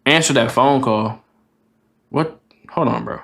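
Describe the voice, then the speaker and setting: A young man's unhurried, creaky, mid-range voice carries a profane live-stream storytime. He's animated and slangy and swears a lot, and there's a roomy echo.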